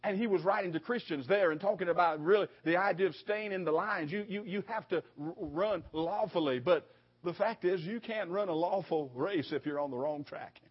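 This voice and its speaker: A man's voice: sits high, normal speed, breathy edge. A man preaching a sermon, emphatic and repetitive, with stammered restarts as he presses his points. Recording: dull lo-fi sound.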